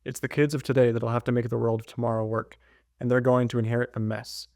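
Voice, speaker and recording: A nervous male science teacher who talks his way around a hard choice, evasive and defensive, as a man reads his lines from a novel. His voice sits at a middle pitch, and the recording is dry and close. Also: little pitch movement, quick pace, gravelly, darkish tone, no room sound, lightly acted. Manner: read aloud from a novel in his own voice. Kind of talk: reading a novel aloud.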